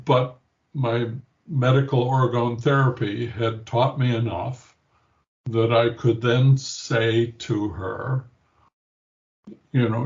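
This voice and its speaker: Older guy telling a family story real slow, muffled lo-fi sound. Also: mid-range voice, steady tone, darkish tone. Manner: slow, reflective, acts out quoted voices. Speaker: interview guest, patient. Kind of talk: personal storytelling in an interview.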